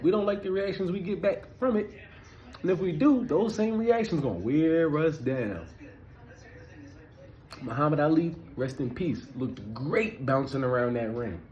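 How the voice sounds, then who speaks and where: A man's voice: fairly high pitch, darkish tone, lo-fi sound. A man in his thirties giving a casual spiritual talk, loose and conversational, often checking in with the listener. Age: 30s. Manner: loose, conversational, keeps asking "you feel me". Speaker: spiritual vlogger.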